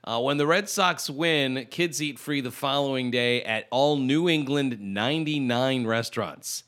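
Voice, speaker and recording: A man's voice: mid-range voice, a little slow. A man co-hosting a podcast, chatting casually and joking playfully with his friend. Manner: playful, joking, lively delivery. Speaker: podcast co-host. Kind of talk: casual comedic chat.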